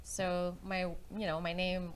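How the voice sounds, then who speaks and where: A woman guest on a talk show, soft-spoken and quick to laugh, in casual chat. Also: on the low side, level tone, slight background noise, rough recording.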